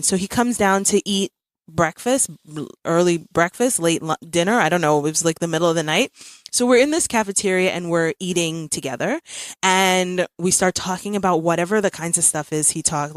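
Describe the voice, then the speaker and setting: A woman in her thirties hosting a podcast in casual chat, telling a story with animated energy and frequent laughter. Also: fairly low pitch, dry recording, clean studio sound. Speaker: podcast host.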